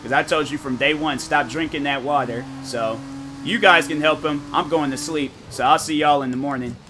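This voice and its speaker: A young man with a raised, higher-than-usual voice chats loosely with his stream audience. His tone is bright and forceful as he spins slangy, animated stories and quotes his friends along the way. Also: moderate pace, slight background noise. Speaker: gaming streamer. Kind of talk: casual chat with viewers.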